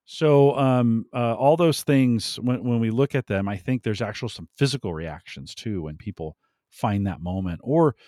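A man talking as a podcast guest in an animated way, laughing often and pushing up his voice for emphasis. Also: fairly low pitch, moderate pace, no echo, studio quality. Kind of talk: conversational interview.

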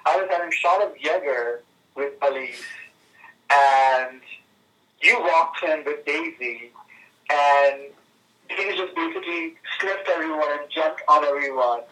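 A man in his thirties calling in to chat with friends, halting and full of fillers and restarts. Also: a little high, bright, forceful tone. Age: 30s. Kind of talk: casual phone conversation. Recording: tinny speakerphone from a distance.

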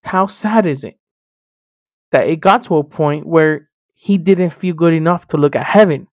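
A man from Miami hosting a sermon-style podcast, teaching in an emphatic, animated way and speaking straight to the listener. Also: on the high side, dry recording, studio quality. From Miami, Florida. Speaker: podcast host and preacher.

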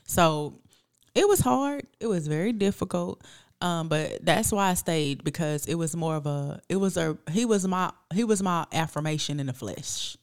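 A podcast co-host in her thirties, speaking in a lowish, clean voice at a moderate pace, tells stories during a casual chat. She animates them by acting out the quotes.

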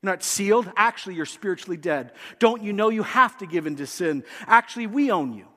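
A man's voice: high voice, a little fast, full character voice. A man voicing a chorus of tempting demons, taunting and mocking, with the long reverb of a large hall. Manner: taunting and mocking, then falsely flattering. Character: sneering tempting demons, voiced as a group.

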